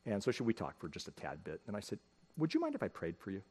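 Folksy middle-aged pastor, lively pitch. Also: male voice, fast, slightly rough. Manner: folksy, storytelling, addresses the congregation directly. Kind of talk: conversational sermon. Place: church sanctuary.

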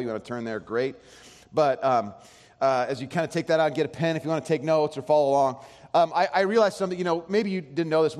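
A man in his thirties preaching a sermon, telling a family story in a casual, rambling way with many restarts. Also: medium pitch. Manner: soft slow prayer voice. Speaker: pastor. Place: church sanctuary. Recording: long hall reverb.

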